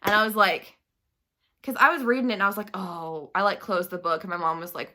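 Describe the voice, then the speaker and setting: A woman's voice: medium pitch, lively intonation, moderate pace, pauses often, bright, forceful tone. A young woman giving a casual book-review rant on her vlog, chatty, swearing freely and saying "like" constantly.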